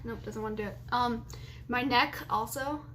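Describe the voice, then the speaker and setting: A young woman in her late teens chats her way through a casual vlog, rambling from one thought to the next and laughing often along the way. Her voice sits a little high, with a faint hiss of noise under it. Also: moderate pace, a bit bright. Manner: rambling, chatty, laughs often between remarks. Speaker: vlogger.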